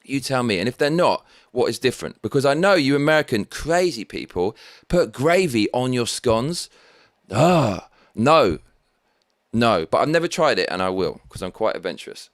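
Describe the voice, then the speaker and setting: An Englishman hosts a casual live stream and chats through viewer comments. He rambles and swears cheerfully in a cheeky tone, at a middling pitch. The sound is close and dry, with no room echo. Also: big pitch swings, moderate pace. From England.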